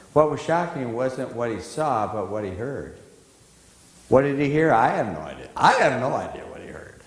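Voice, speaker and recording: A male pastor preaching a sermon in a church, talking conversationally and quizzing his congregation. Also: medium pitch. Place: church sanctuary. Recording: echoey church hall.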